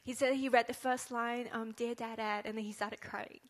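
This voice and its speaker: A woman interpreting a sermon into English line by line, halting, with many fillers and self-corrections. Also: a little high, fairly even intonation.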